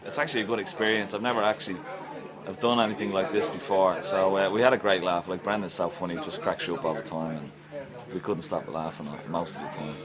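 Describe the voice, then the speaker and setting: A man's voice: sits low, steady tone, fast talker, over a noisy crowd, poor audio. An Irish actor chatting on set about his part, easygoing and rambling. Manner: easygoing, rambling, lots of fillers. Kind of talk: casual interview.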